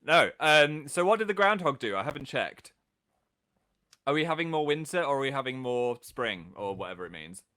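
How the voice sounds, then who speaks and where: A man's voice: medium pitch, sing-song, moderate pace, bright, forceful tone. A man hosting a casual livestream, chatting playfully and reading out viewers' comments with a jokey, self-mocking manner. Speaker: livestream host.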